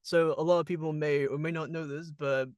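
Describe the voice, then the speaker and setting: A man's voice: fairly high pitch, little pitch movement, brisk, smooth, no room sound, clean studio sound. A man hosting a casual interview, chatty, laughing and swearing easily. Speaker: podcast host.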